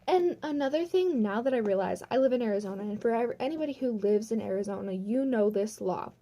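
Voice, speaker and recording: Young woman ranting thru a storytime vlog at home, swears a ton, says like constantly, kinda high but mellow voice. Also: a little fast, hardly any pauses. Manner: profane, heated retelling full of "like". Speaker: vlogger.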